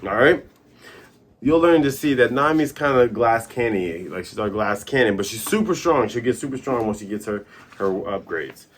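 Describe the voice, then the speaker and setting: Host, man, husky voice, lively comic recap, sound effects on the fly. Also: mid-range voice, normal speed. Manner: animated, doing sound effects and character voices.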